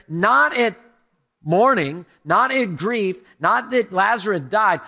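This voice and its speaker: A male pastor delivering an Easter sermon to his congregation, animated and repeatedly asking rhetorical questions. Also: sits high. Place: church in front of a congregation.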